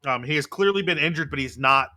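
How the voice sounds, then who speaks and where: A man's voice: a little high, fast, pushed and bright. A man acting as game master of a tabletop role-playing game, explaining rules methodically with many fillers.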